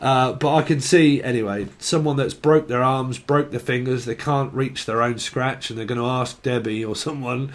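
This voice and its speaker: A man's voice: medium pitch, steady tone, normal speed, hardly any pauses, slight background noise. A man giving a rambling, comic tarot reading, swearing freely and acting out silly scenes. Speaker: tarot reader.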